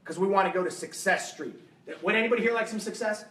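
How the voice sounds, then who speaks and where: A man giving an energetic, emphatic motivational talk to a live seminar audience, firing rhetorical questions at them. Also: high voice, quick pace, very noisy. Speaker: fitness coach and motivational speaker. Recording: roomy hall sound, mic at a distance.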